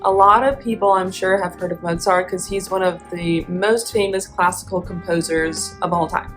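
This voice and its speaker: A woman's voice: fairly low pitch, fairly even intonation, normal speed, a bit bright, faint music behind, low-quality recording. A young adult woman, an opera singer, hosting a casual vlog and chatting in a rambling way with frequent laughs.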